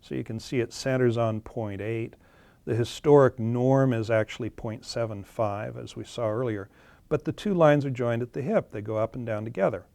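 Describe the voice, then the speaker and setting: A man's voice: mid-range voice, normal speed, creaky, darkish tone, dry recording. A man explaining charts in a webinar, plainly and with some fillers and self-corrections. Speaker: webinar presenter. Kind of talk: webinar presentation walking through charts.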